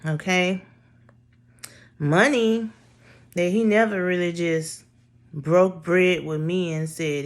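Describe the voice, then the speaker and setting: Woman vlogger, slow and low, blunt and profane, storytelling to camera. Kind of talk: casual storytelling.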